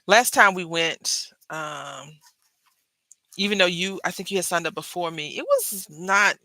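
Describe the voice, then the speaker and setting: A woman's voice: on the low side, sing-song, measured pace, sharp tone, no echo, rough recording. A woman chatting to her viewers about her day while she works on a craft project, telling stories as she goes. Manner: chatty storyteller, drifts between crafting and anecdotes; talks to viewers directly. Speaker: craft vlogger. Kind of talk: casual chat while crafting.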